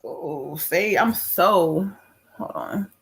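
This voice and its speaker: A middle-aged woman hosting a live stream as a psychic medium, casual and loud, with lots of exclamations and laughter. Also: on the low side, extremely slow, vocal fry, husky.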